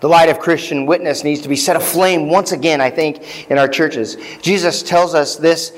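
Male pastor, conversational sermon, slightly high voice, long church reverb. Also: fairly even intonation, moderate pace. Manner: conversational preaching with fillers and asides; reads scripture aloud with rising emphasis. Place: church sanctuary.

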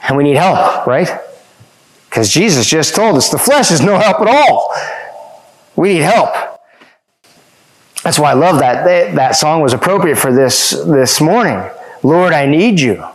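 A man's voice: fairly high pitch, poor audio. A man preaching a sermon as pastor, reading scripture aloud and repeating questions for emphasis.

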